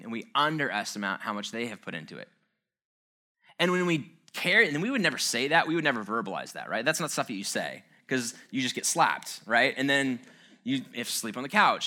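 This man gives an informal, earnest talk about relationships, keeping it conversational and slipping in self-mocking asides. His voice is medium in pitch with a sharp tone.

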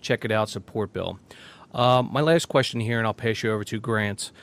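A man's voice: lowish voice, normal speed, a bit bright. A young man hosting an interview, asking questions hesitantly with many fillers. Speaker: interviewer, podcast host. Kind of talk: casual interview.

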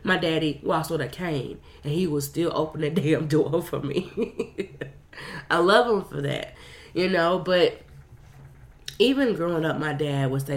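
A woman speaking to her viewers in a candid personal monologue, blunt and profane, swinging between loud outbursts and quiet stretches and calling her listeners y'all. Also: low-pitched, a little slow. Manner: frequent restarts and addresses listeners as y'all. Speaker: vlogger sharing a personal story.

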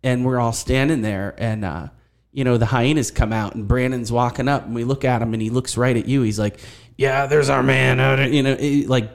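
A middle-aged man, a podcast guest, recalling old times in relaxed, casual chat. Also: medium pitch, moderate pace, creaky. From Erie, Pennsylvania. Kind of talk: casual conversation.

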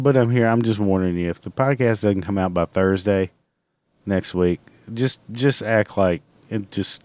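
A man with a lowish voice and darkish tone rants on his own podcast from home, with no room sound in the recording. He's casual, blunt and rambling, swearing constantly through this solo episode.

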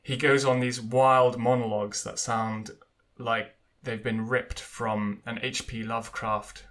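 Bright-voiced chatty man. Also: medium pitch, little pitch movement, a little slow. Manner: chatty, hesitant with many fillers. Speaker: podcast co-host. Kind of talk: casual chat.

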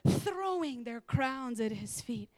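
A woman preaching a sermon to a church, animated and laughing, sometimes dropping into whispers. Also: fairly high pitch, slow, dry recording, clean studio sound.

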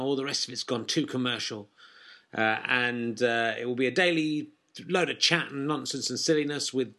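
Man, 40s, comedian and podcast host, casual promo monologue, wry and rambling, slightly high pitch. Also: bright, forceful tone. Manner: rambling, wry, full of ums and uhs.

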